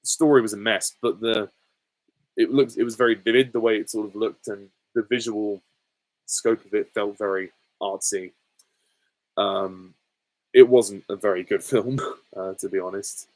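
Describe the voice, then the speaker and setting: A man's voice: on the low side, fairly even intonation, moderate pace, darkish tone, dry recording, poor audio. A man from England hosting a casual Q and A, answering viewer questions in a hesitant, rambling way full of ums and small laughs. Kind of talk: casual Q and A chat.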